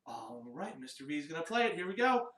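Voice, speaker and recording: A man's voice: on the high side, big pitch swings, quick pace, a bit bright, far from the mic, slight background noise. A man teaching a children's music lesson, upbeat and encouraging as he talks to young kids. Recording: roomy, off-mic, guitar behind.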